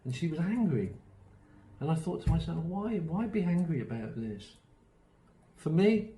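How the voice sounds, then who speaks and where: In a low-quality recording with roomy sound and a little hiss or hum, a man gives an online workshop on autism strategies. He's on the high side, sing-song, a little slow and warm, pausing often as he tells chatty anecdotes, voices quoted people, and frequently ums and restarts.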